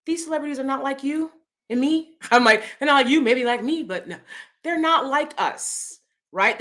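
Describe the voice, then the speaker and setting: A woman hosting her own vlog, talking through celebrity news in a chatty, expressive way and laughing often. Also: medium pitch. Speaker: vlogger host. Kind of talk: casual opinion commentary.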